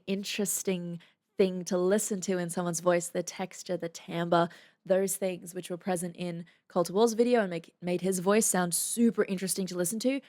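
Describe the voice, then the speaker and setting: A woman's voice: on the low side, a little mellow. Woman voice coach giving technical commentary. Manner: analytical, explains vocal technique in detail. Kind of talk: casual reaction commentary.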